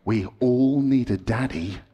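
Guy preaching to kids, slow and bouncy, big hall reverb, goes loud then whispery. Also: mid-range voice. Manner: dramatic, swings from excited to hushed. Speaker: children's preacher. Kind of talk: storytelling sermon to children.

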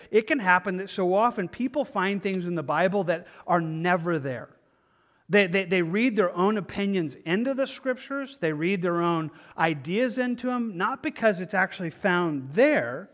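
A man's voice: sits high, a bit bright. A man teaching a Bible study in an earnest, conversational way, often restarting his phrases. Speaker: pastor.

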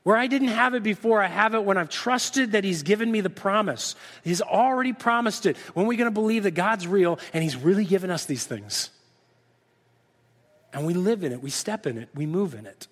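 A middle-aged male pastor preaching a sermon, acting out lively back-and-forth dialogues with God. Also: high-pitched, a little fast. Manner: animated, acts out dialogue with God in different voices. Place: church sanctuary. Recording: reverberant church hall.

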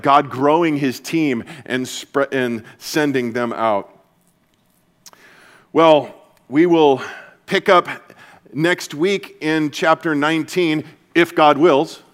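A man preaching as a pastor to his church, earnest and energetic, dropping to a soft, hushed voice for comforting passages. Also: fairly high pitch, slow. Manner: earnest, shifts to soft hushed tones when quoting Jesus. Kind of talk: sermon. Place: church service.

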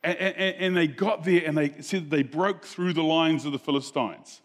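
A man preaching a sermon, telling a Bible story in a relaxed, conversational way and asking the audience questions. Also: fairly high pitch, normal speed. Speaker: pastor.

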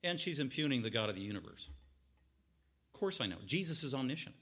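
A man preaching an expository sermon, acting out the people in the story and swinging from quiet explaining to loud, animated outbursts. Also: medium pitch, fast talker. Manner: animated, acts out voices, rising to loud outbursts. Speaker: pastor.

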